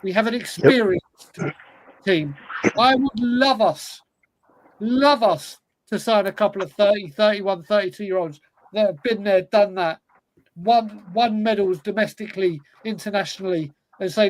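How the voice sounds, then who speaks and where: A man's voice: high-pitched, normal speed, poor audio. A man hosting a football fan podcast, talking passionately and emphatically, often repeating himself for effect. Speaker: podcast host. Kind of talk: casual football chat.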